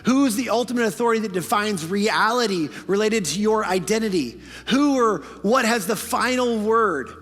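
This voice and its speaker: High-voiced pastor preaching in a hall. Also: male voice, lively intonation. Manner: preaching with swings from hushed to fervent, rapid asides. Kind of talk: sermon. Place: church sanctuary.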